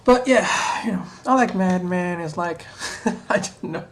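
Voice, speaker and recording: A woman's voice: on the low side, measured pace, roomy sound. A woman chatting casually to camera while doing her makeup, rambling and talking to herself in asides. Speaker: vlogger. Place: small room at home.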